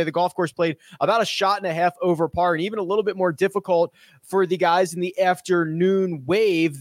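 A man with a high, light voice hosts a sports podcast in a brisk, upbeat way. The sound is close and dry, with no room around him. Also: no room sound. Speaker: podcast host. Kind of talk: casual golf podcast chat.

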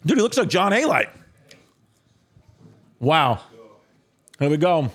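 New guy hosting a podcast, talks kinda high, rambles and jokes with lots of ums. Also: sing-song, takes it slowly, fairly bright tone, slightly rough. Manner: rambling, joking, many fillers and restarts. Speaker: podcast host. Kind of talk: casual podcast chat.

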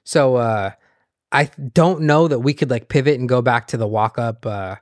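A man's voice: mid-range voice, normal speed, dry recording, clean studio sound. A man guesting on a podcast as a restaurant owner, talking loosely and profanely, often joking about himself. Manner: loose, profane, self-deprecating. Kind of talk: casual chat.

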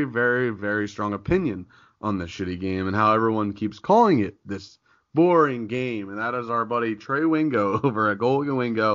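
A man's voice: on the low side, fairly bright tone. A man hosting a podcast in casual chat, rambling and often breaking off mid-thought with a laugh. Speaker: podcast host. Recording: dull lo-fi podcast audio.

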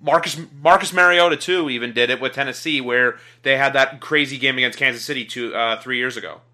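Male co-host, bright, rambly, mid-pitch, casual. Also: a little fast. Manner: rambling, many fillers, talks in long runs. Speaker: podcast co-host. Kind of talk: casual sports debate.

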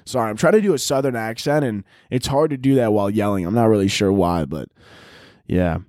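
A man's voice: on the low side, fairly quick, dry recording, clean studio sound. Rambling, crude-talking male podcast host. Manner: crude, rambling, jumps into loud shouted bits. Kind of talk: casual comedic monologue.

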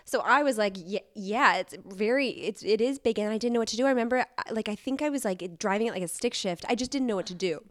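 A young woman telling a candid personal story on a podcast, animated and self-deprecating, with many restarts. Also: on the high side, racing, hardly any pauses, no room sound, studio quality. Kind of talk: casual storytelling chat.

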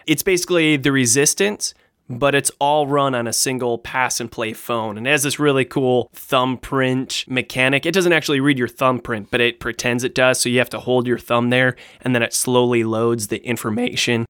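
Smooth-voiced enthusiastic podcast guy. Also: mid-range voice, normal speed, no room sound, studio quality. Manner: enthusiastic, animated storyteller. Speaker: podcast co-host. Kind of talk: casual chat.

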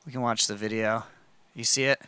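A man's voice: lowish voice, fairly even intonation, a little fast, sharp tone, smooth, no echo, clean studio sound. A man co-hosting a casual podcast, joking around and reading a news story aloud with asides. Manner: laid-back, joking, reads articles aloud with asides. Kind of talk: casual chat.

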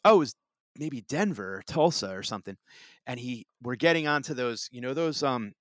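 A man chatting on a podcast, meandering through a story with lots of restarts and filler words. His voice sits at an ordinary pitch and sounds close and dry, with no room behind it. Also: lively intonation, brisk, dry recording. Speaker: podcast co-host. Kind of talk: casual chat.

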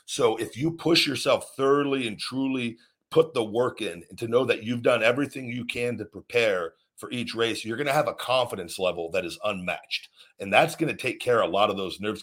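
A man's voice: fairly low pitch, fairly bright tone. A man hosting a podcast and talking earnestly about work and confidence, rambling with many restarts. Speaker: podcast host, former wrestler. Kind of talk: motivational podcast talk.

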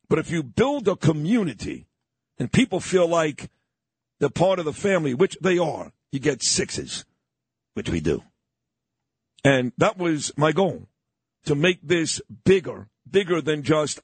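A middle-aged man hosts a morning radio talk show, opinionated and emphatic, often repeating himself for effect. His voice is a little high and sing-song, with a breathy edge, at a normal speed. It's captured on a studio broadcast mic with no echo.

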